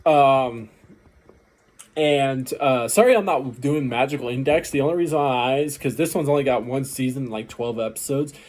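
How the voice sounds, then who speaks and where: A man's voice: medium pitch, moderate pace, a little mellow. Tired man rambling in anime reaction. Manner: rambling, loose, with many fillers and restarts. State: tired, late at night. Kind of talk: casual reaction commentary.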